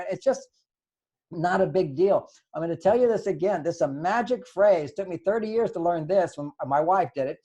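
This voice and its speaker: A man's voice: sits high, animated, a little fast, a little mellow, breathy edge. An older man giving relationship advice in an earnest, lecturing way, acting out the lines he quotes. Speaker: relationship author and guest. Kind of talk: advice talk.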